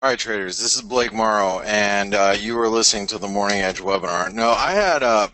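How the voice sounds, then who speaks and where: Bright-voiced man hosting a trading webinar. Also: lowish voice, a little fast. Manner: rambling, self-interrupting, frank. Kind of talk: live trading commentary over charts.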